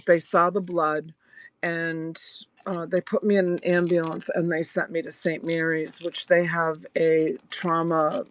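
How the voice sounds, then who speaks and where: A middle-aged woman selling jewelry on a live stream, chatting casually and telling a personal story between items. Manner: chatty storyteller, voice rising high when quoting.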